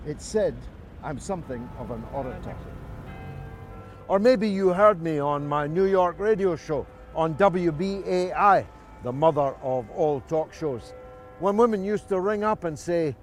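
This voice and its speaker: A man's voice: on the high side, expressive, measured pace, slight background noise. A man in his sixties with a Scottish accent, giving a scripted to-camera introduction as a presenter in a dramatic orator's delivery.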